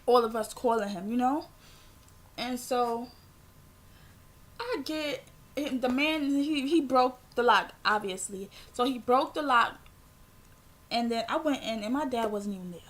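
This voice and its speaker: A young woman, telling a rambling, animated storytime vlog with lots of filler words. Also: fairly high pitch, unhurried, pauses often. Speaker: vlogger.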